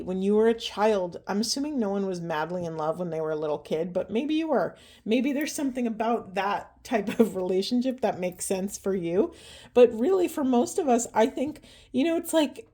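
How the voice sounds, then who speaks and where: A woman giving a spiritual card reading in an earnest, emotional way, asking gentle questions, her voice going hoarse. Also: mid-range voice, moderate pace. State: losing her voice. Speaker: tarot and oracle reader.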